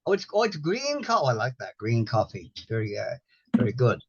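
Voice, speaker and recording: A man's voice: medium pitch, huge pitch swings, fairly quick, slightly rough. An older man hosting a casual chat, rambling and repeating himself with wry humor. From Ireland. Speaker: host. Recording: dull lo-fi sound.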